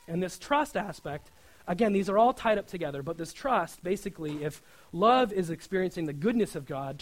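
A man with a slightly high voice gives a sermon in a loose, conversational style. He keeps checking in with his listeners and acts out the prayers he quotes. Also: low-quality recording. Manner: informal, often asks "right?", acts out quoted prayers. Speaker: preacher.

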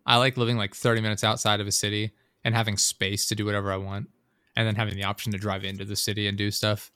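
A man's voice: on the low side, little pitch movement, fast talker, bright, forceful tone, dry recording, studio quality. Rambling, profane young man telling stories. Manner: rambling, profane storytelling with frequent fillers. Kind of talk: casual chat.

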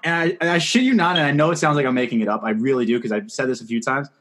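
A man's voice: mid-range voice, racing, a bit bright. A young man co-hosting a podcast, telling rambling stories in casual chat full of "like" and "right?". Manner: rambling storyteller, lots of "like" and "right?". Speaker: podcast co-host.

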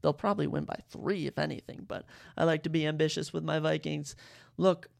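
Sports podcast host, casual picks chat, gravelly voice, gets fired up, rambling asides. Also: mid-range voice, a little fast. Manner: excitable, fired-up fan talk; rambling, self-correcting asides.

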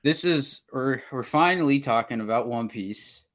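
A young man co-hosting a casual podcast, talking in halting starts and repeated words. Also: mid-range voice, fairly bright tone. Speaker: podcast co-host. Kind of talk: casual chat.

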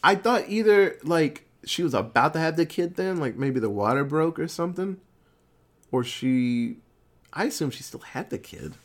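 Recapping a movie as a podcast co-host, a man keeps the chat loose and profane. His voice sits a touch high and swings widely in pitch as he animatedly jumps into quick voices for each character's lines.

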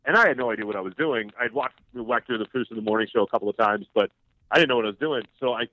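A man calling in as a guest, telling relaxed, rambling stories with a few laughs. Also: medium pitch, very fast. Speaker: phone-in guest. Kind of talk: casual chat, storytelling. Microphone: phone. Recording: tinny phone line.

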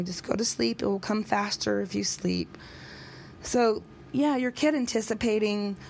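A woman's voice: on the low side, vocal fry, a little mellow, slight background noise. Rambling woman chatting on her vlog. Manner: rambling, hesitant, with fillers and self-corrections. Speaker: vlogger. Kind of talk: casual personal vlog.

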